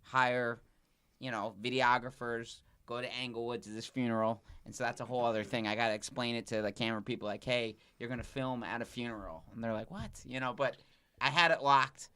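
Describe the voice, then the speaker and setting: A man's voice: mid-range voice, level tone, a little fast, pushed and bright, clean tone. A male comedian on a podcast, telling a story in a loose, rambling way full of restarts and fillers. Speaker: comedian guest.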